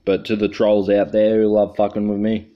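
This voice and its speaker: A man's voice: lowish voice, monotone, normal speed, lo-fi sound. An Australian man hosting a livestream, talking in a rambling, profane, joking way. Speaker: livestream host. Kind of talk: casual livestream chat.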